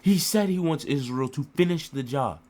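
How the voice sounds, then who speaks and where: A man's voice: on the high side, expressive, moderate pace, darkish tone. Impassioned man ranting to camera. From United States. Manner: emotional, rhetorical questions, repetitive cadence. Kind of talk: impassioned political rant to camera.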